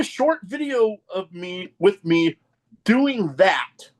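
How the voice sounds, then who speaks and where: A man hosting a podcast, telling stories with excitement and often restarting his phrases. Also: high-pitched, slow pace. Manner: excitable storyteller, repeats starts of phrases. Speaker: podcast host. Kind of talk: casual chat.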